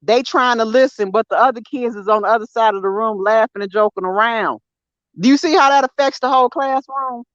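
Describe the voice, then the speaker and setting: A woman's voice: a little high, brisk, dry recording. A woman, co-hosting a casual podcast chat, talking bluntly and emphatically with plenty of slang. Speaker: podcast co-host. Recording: dry, slightly dull sound.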